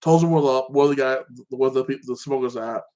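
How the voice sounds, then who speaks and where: Male host, casual recap talk, rambling and opinionated, heavy filler, mid-pitched voice. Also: a little fast, warm tone. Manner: rambling, fills with "like that" and restarts; opinionated, ranting about plot holes.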